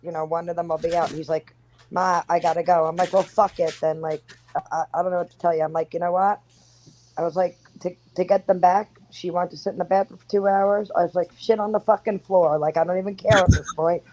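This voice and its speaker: A woman's voice: on the low side, fairly even intonation, brisk, dark tone, low-quality recording. A woman on a casual podcast, telling an exasperated, profane family story as the mother.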